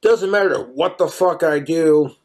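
A man from Wyoming with a notably high voice, rambling from one crude joke to the next. He talks in a loose livestream monologue, swearing freely. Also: unhurried, darkish tone. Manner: profane, rambling joke-telling.

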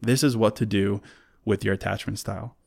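A man's voice: lowish voice, fairly even intonation, brisk, creaky. A man hosting a solo relationship advice talk, conversational and earnest, who repeats words as he restarts and works through a list of points.

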